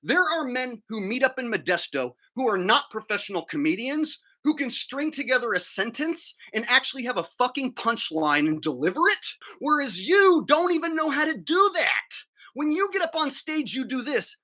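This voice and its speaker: With a very high, sing-song voice that sounds pushed and bright, a man rants at normal speed on a livestream. The tirade is crude, profane and combative, and he keeps chewing his food throughout.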